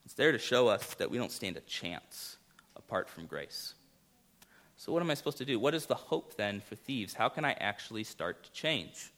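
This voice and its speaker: A man preaching a sermon as pastor, earnest, rising to loud emphasis and dropping to quiet, intimate lines. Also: fairly low pitch, very animated, moderate pace.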